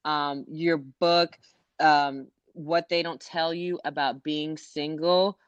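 A woman's voice: low-pitched, fairly even intonation, takes it slowly, no echo, highs cut off. A woman co-hosting a podcast, talking in a hyped, playful way and laughing easily. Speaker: podcast co-host. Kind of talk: casual podcast chat.

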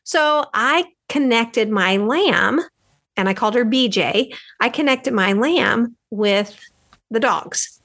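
Woman host from the US with a slightly high voice, chatty storyteller, rambles with fillers. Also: expressive, takes it slowly, creaky, fairly bright tone. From United States. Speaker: podcast host. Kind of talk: personal storytelling.

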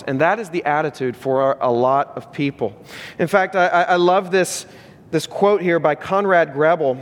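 A high-pitched man preaching from the pulpit, hammering his points home with repetition and questions to the congregation. His voice rings through a reverberant church hall. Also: normal speed. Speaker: pastor. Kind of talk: sermon.

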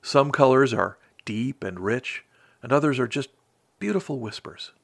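Guy doing a gentle wise bird, calm and soothing, bit gravelly. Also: medium pitch, a little slow. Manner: soothing, thoughtful.

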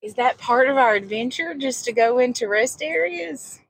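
Slow, husky, high-voiced teasing woman. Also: lively intonation, no room sound, low-quality recording. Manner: teasing, giggly. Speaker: podcast co-host. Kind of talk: casual chat.

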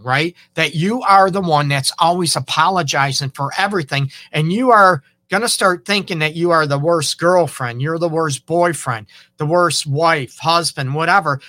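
A man's voice: on the high side, sharp tone, no room sound. A man with a Detroit accent hosting a relationship advice show, talking off the cuff with many fillers and acted-out snippets of dialogue. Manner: conversational, many fillers and asides, acts out quoted exchanges. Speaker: relationship counselor and show host. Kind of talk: unscripted advice talk.

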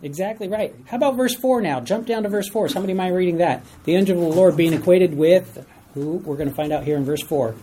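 A teacher leading a Bible study class, asking group members to read verses and explaining them in an animated way. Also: medium pitch, fast talker, poor audio. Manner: animated, asks the class for readers, chuckles at stories. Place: room with a class.

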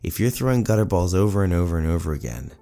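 A man in his forties hosting a solo podcast, telling a story in an animated, self-mocking way. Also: low voice, fast, soft background music. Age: 40s. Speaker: podcast host.

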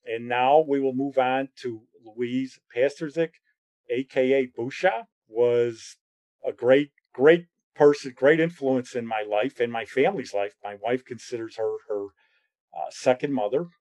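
A middle-aged man telling personal memories in a casual, rambling way. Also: a little slow. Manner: rambling, conversational, drops lower and quieter when reflective. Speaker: storyteller.

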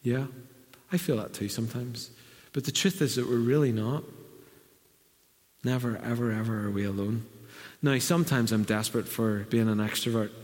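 A man's voice: mid-range voice, normal speed, long pauses, a little mellow. A middle-aged man preaching a conversational sermon in a church, now and then acting out quotes in a raised voice. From Northern Ireland. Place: church hall. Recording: reverberant church hall.

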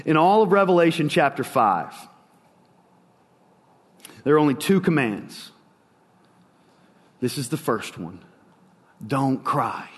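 Male preacher, sermon, higher voice, unhurried dramatic pauses, long reverb. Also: sing-song, husky.

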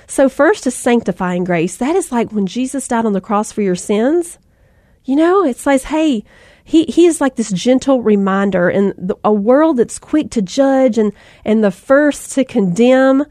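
A woman's voice: a little high, expressive, unhurried, darkish tone, no room sound, clean studio sound. A woman in her thirties giving a folksy Christian talk to mothers, in a conversational style with asides and fillers. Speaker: Christian speaker. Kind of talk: faith-based talk to mothers.

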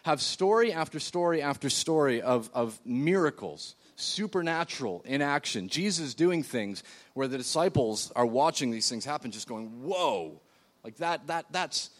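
An expressive, mid-range male voice at a moderate pace belongs to a pastor preaching in church from a seated position. He talks loosely and conversationally, often using fillers and restarting.

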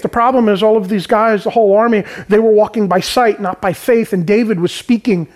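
A man with a high-pitched voice gives an informal sermon. He retells scripture in plain, everyday terms. He keeps checking in with his listeners. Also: normal speed, hardly any pauses. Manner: informal, peppered with "right?" and "man". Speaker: preacher. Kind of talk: conversational sermon.

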